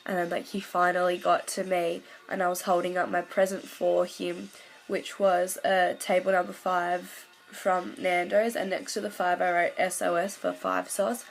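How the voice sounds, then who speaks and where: A woman's voice: on the low side, flat delivery, gravelly, rough recording. A woman, telling a fan story in casual vlog chat, gushing along with lots of "like" fillers. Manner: gushing, fast-flowing recount full of "like" fillers. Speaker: vlogger.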